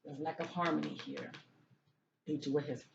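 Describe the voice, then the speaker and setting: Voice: medium pitch, steady tone, normal speed, vocal fry. A psychic reader going through tarot cards in a casual talk, often repeating phrases and checking in with "okay?". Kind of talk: casual tarot card reading. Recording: dull lo-fi sound with faint noise.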